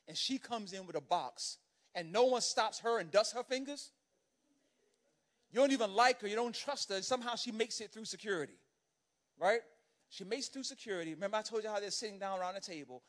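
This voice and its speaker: A man with a noticeably high voice delivers a sermon in the manner of a storyteller. He talks conversationally and animatedly, peppering his lines with "right?" and "you know what I mean?" to pull the congregation along. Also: fairly bright tone. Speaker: pastor.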